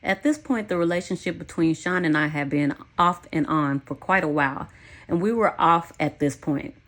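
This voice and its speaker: Female memoir narrator, lower-pitched, blunt and candid delivery. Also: normal speed, fairly bright tone. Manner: frank, blunt, swears freely. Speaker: audiobook narrator. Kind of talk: first-person memoir narration.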